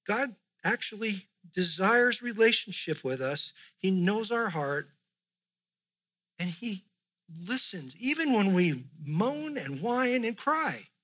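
Bright high-voiced male preacher. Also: big pitch swings, slow. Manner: reads scripture aloud with rising emphasis, then drops to soft asides. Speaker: pastor. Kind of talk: sermon.

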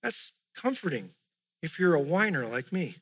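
A male pastor preaching, reading scripture aloud with rising emphasis and dropping to soft, quiet asides. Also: on the high side, very animated, moderate pace, husky. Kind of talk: sermon.

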